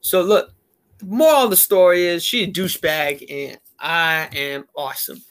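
A man's voice: a little high, lively intonation, moderate pace, fairly bright tone. A man telling a rambling story in a casual chat, heavy on fillers.

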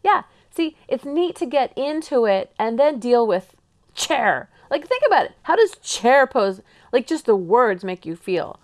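Woman yoga teacher from the Pacific Northwest, upbeat and animated, coaching other teachers. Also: sits high. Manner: enthusiastic and animated, with slow drawn-out calm phrases.

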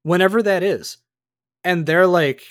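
Young male podcast co-host in his twenties, fired up, cursing, somewhat high voice, dead-dry sound. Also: a little slow, no echo. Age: 20s. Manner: heated, ranting, swears freely. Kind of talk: casual chat.

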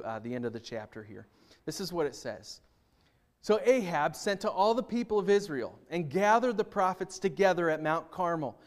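High-voiced male pastor preaching. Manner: animated reading, rising loud for quoted mockery and dropping soft for prayer; casual explanations with restarts and fillers. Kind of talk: sermon with scripture reading.

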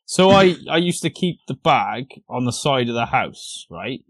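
A man's voice: mid-range voice, sing-song, a little slow, dry recording. A man telling a story on a casual podcast. He swears freely and laughs through his story. The sound is dry and close, with no room around him. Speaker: podcast co-host.

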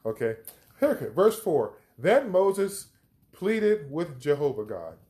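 A man's voice: a little high, big pitch swings, measured pace, dark tone. A man hosting a podcast, teaching from the Bible with emphatic, reflective commentary as he reads scripture aloud.

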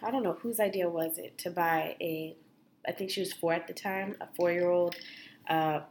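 A woman's voice: fairly low pitch, fairly even intonation, normal speed, a little mellow. A woman and mother in casual chat, talking loosely with lots of filler words. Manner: chatty, many "like" fillers. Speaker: podcast co-host, mother.

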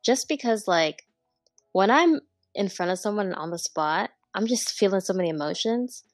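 A young woman in casual chat, speaking hesitantly with halting starts. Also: mid-range voice, lively intonation, no room sound. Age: young adult. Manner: hesitant, halting, lots of fillers.

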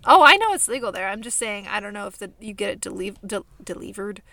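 A woman's voice: mid-range voice, big pitch swings, quick pace, a crowd in the background. A young woman from California co-hosting a podcast, chatting casually with lots of fillers and laughs. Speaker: podcast co-host. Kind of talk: casual chat.

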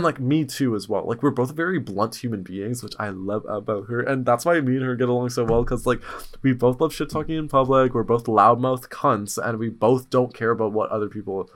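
A man hosting a podcast in casual chat, telling stories in a blunt, slangy, animated way with sudden excited jumps in pitch. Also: moderate pace. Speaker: podcast host.

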